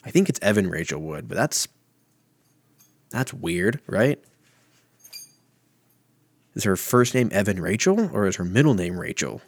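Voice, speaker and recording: A man's voice: low-pitched, very animated, a little slow, vocal fry, long pauses, dry recording. A man in his thirties hosting a casual solo podcast from home, rambling and swearing with a self-mocking manner. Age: 30s. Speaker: podcast host.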